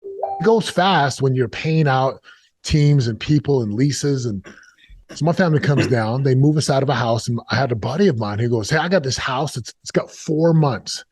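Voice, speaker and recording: A man's voice: medium pitch, moderate pace, a little mellow, no echo. Middle-aged male guest, confessional storyteller, repeats himself in bursts, dry close mic. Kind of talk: emotional storytelling interview.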